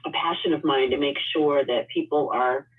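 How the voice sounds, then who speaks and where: A woman with a deep, slightly rough voice introduces herself at a moderate pace on a casual video call, appearing as a financial services guest. She's friendly, with lots of ums and small laughs, and the audio sounds tinny, like a phone line.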